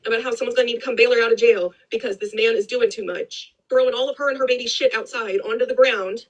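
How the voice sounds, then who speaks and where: A woman's voice: on the high side, fairly even intonation, fast, poor audio. A woman giving blunt, rambling commentary on a live stream, swearing freely and repeating herself. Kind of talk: casual opinionated commentary.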